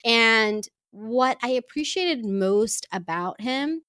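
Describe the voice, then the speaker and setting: A woman telling a personal story to women listeners in an earnest, heartfelt and expressive way. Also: a little high, takes it slowly, dry recording, clean studio sound. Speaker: speaker addressing women listeners.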